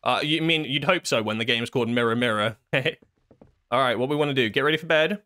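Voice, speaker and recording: In a brisk, sharp-toned, mid-range voice, a male gaming YouTuber provides let's play commentary on a horror game. He swears, jokes sarcastically, and often bursts out laughing.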